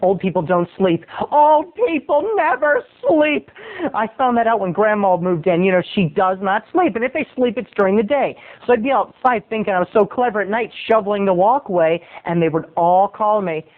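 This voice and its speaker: This man is a video blogger who spins a meandering, funny tale with a lot of theatrics, switching into character voices. His high-pitched voice moves briskly with barely any pauses. It sounds muffled and low-fidelity, almost like it came through a phone.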